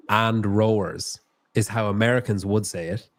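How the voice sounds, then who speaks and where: Chatty Irish man, lowish voice. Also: fairly even intonation. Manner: chatty, laughs often, quick asides. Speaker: podcast host. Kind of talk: casual chat.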